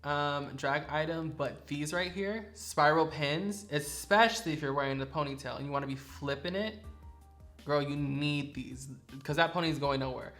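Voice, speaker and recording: A man's voice: a little high, moderate pace, fairly bright tone, faint music behind. A man who performs in drag, chatting sassily and playfully about favorite makeup products in a studio vlog. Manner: sassy, chatty, playfully dramatic.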